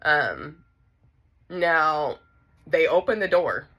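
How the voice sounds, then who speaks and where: Low, bright-voiced woman telling a story. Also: drawn-out words. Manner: animated, talks straight to viewers. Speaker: vlogger telling a personal story. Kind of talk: casual storytime.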